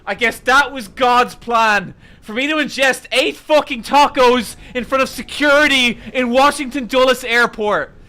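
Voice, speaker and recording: A man's voice: very high-pitched, measured pace, few pauses, sharp tone. A young man streaming, telling a rambling, profane story to his chat in an exasperated way.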